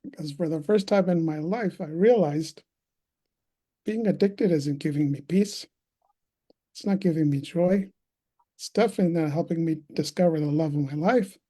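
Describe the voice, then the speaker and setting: A man's voice: a little high, normal speed, pauses often, mellow. A man in his thirties speaking as a conference guest on a video call, telling a personal story in an earnest, reflective way. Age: 30s. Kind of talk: personal testimony talk.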